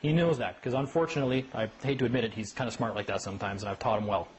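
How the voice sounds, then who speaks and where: A man's voice: medium pitch, rapid-fire, slight background noise, poor audio. A man giving a casual talk on legal rights to a small group, telling stories and acting out voices. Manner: animated storyteller who acts out voices.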